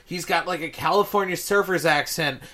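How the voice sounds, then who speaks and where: A man's voice: a little high, fairly quick, sharp tone. A man co-hosting a casual chat, rambling and swearing, with many restarts. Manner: rambling, profane, restarts a lot.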